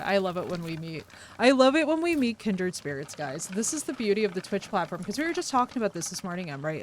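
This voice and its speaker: A woman streamer chatting casually with her viewers, effusive, unfiltered and animated. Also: medium pitch, slight background noise.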